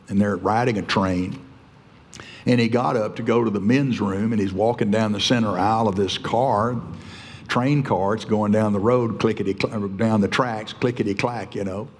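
An older man preaching a sermon as pastor, telling folksy stories and chuckling often. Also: on the low side. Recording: church hall reverb.

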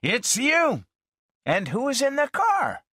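A man's voice: sits high, sing-song, measured pace, vocal fry, sharp tone, dry recording, clean studio sound, pitched above the performer's own voice, full character voice. A man reading a story aloud, voicing the young hero asking eager, surprised questions.

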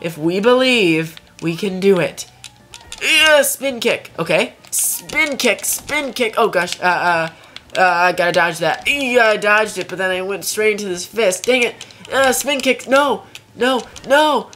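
Excitable young woman trash-talking a fighting game. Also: medium pitch, measured pace, soft background music. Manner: playful trash talk, frantic repeated cries. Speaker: let's play gamer. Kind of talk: excited gameplay commentary.

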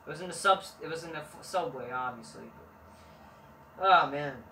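A man rants his way through a wrestling review, swearing at every turn and waving things off with a shrug. His tone is bright and sharp. He sounds distant from the camera mic in an echoey room. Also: on the high side, lively intonation, normal speed. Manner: rambling, constant swearing, dismissive. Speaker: wrestling show reviewer, channel host. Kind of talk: profane rambling review rant. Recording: roomy, distant mic, faint noise.

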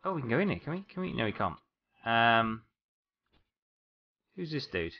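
A man's voice: mid-range voice, big pitch swings, normal speed, dull audio. A man giving casual let's-play commentary, rambling as he talks to game characters and apologizes to them. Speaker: gameplay commentator.

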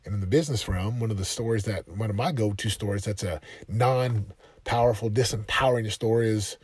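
Man, motivational monologue, husky voice, emphatic and exhorting, dry close recording. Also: fairly low pitch, a little fast, darkish tone, no room sound. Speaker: motivational podcast host.

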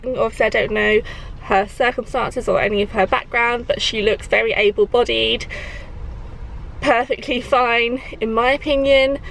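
Young mum rambling to camera, bit of vocal fry, chatty and frank. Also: female voice, on the high side, fairly bright tone, a little hiss or hum, rough recording. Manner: candid, chatty, rambling asides. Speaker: vlogger and mother. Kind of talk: casual vlog chat to camera.

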